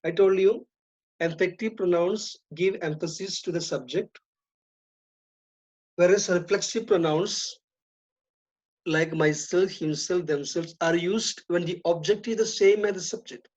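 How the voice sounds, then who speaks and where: A woman teaching an English grammar lesson, speaking deliberately, repeating and stressing key terms. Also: fairly low pitch, darkish tone, husky. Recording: dull lo-fi recording.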